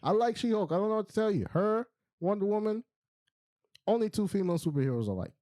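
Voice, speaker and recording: A man co-hosting a pop culture podcast, telling stories in a casual, slangy and animated way. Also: sits high, quick pace. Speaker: podcast co-host. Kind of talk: casual chat.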